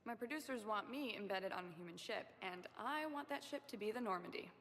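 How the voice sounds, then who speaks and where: An actress playing a confident military war reporter in a game, speaking briskly and directly. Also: female voice, medium pitch, animated, a bit bright, in a large hall, close to an everyday voice. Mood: businesslike.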